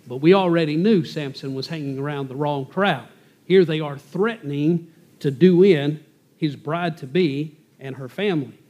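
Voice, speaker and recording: Casting: male Bible teacher, somewhat high voice, folksy and conversational, explaining each verse plainly. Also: darkish tone.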